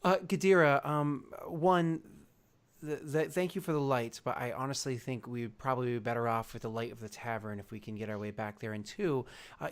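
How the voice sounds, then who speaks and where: A man's voice: medium pitch, natural voice. A man voicing a studious male scholar who speaks in a wordy, formal way.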